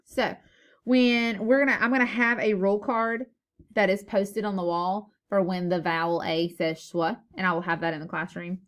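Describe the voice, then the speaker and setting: A woman's voice: medium pitch, steady tone, normal speed. A woman teacher recording a phonics lesson for young children, playful and sing-song, repeating words for emphasis, on a camera mic.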